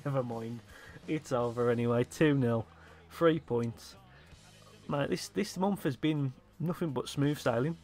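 A young man excitedly commentating his own football video game, swearing and shouting at his players. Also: medium pitch, measured pace, soft background music. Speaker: gaming YouTuber.

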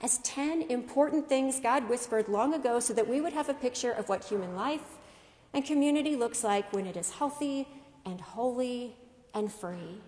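A woman pastor preaching a sermon in a measured style, asking rhetorical questions. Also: fairly high pitch, darkish tone, long reverb tail. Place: church.

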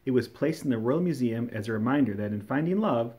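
Expressive man reading a storybook aloud. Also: mid-range voice, fast talker. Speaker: storybook reader. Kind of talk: children's storybook read-aloud.

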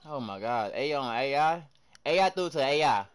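A young man streaming live, excitably commenting on his game, shouting at teammates and chatting with viewers in heavy slang. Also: medium pitch, a little fast, clear, resonant tone. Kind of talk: live gameplay commentary and chat reading.

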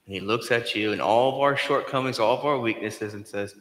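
A male pastor preaching a sermon in a conversational way, rising to loud emphasis and dropping to soft, hushed lines. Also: medium pitch, brisk, hardly any pauses. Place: church sanctuary. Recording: echoey church hall.

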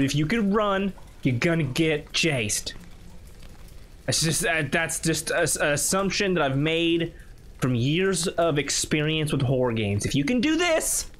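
A man's voice: on the high side, expressive, moderate pace, a bit bright. A man on a YouTube channel giving nervous, chatty running commentary while playing a horror game. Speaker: YouTube gamer.

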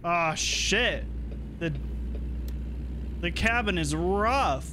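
A man's voice: high voice, animated, extremely slow, background noise. A man streaming a truck driving game, chatting casually and thinking aloud, swearing now and then. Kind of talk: casual gameplay chat.

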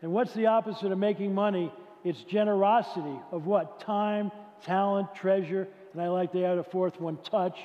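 A man's voice: sits high, normal speed, few pauses. A man giving a motivational faith talk at a conference, speaking conversationally and asking his audience rhetorical questions. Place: large conference hall. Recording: echoey hall, dull lo-fi sound.

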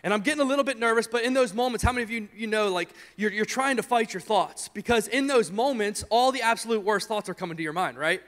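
Thirties male pastor, quick and high-pitched, animated storyteller, stumbles over repeated words, church hall reverb. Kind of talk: sermon storytelling. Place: church sanctuary.

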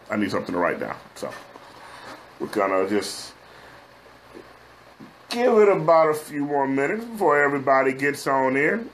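A middle-aged man with a Texan drawl, talking casually to viewers on a livestream. He is chatty and folksy, with plenty of "uh"s, and keeps calling his audience "guys" in a mid-pitched voice. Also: fairly bright tone. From Texas. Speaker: host of a business advice livestream. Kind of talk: casual live-stream talk to viewers.

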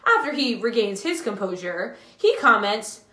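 A woman's voice: on the high side, very animated, moderate pace, bright, forceful tone, roomy sound. A woman hosting a live children's show, telling a story in an enthusiastic, sing-song way. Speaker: children's ministry host.

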